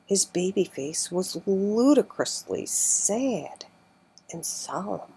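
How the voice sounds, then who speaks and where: A woman reads an old adventure book aloud at a slow, careful pace. Her voice sits a little low and sounds husky and breathy. Now and then she sinks almost to a whisper. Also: a little mellow, low-quality recording. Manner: slow, careful reading, often drops to near whisper. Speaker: narrator. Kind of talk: audiobook reading.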